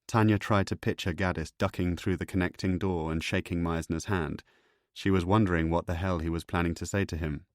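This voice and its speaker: A man reading an audiobook thriller in a measured, even storytelling voice. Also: low-pitched, no echo, studio quality. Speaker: audiobook narrator. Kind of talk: scripted narration.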